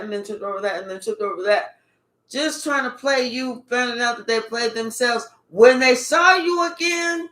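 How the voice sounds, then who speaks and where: High, slow-talking woman tarot reader. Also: roomy sound. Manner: animated, profane, emphatic outbursts. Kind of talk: casual live tarot reading.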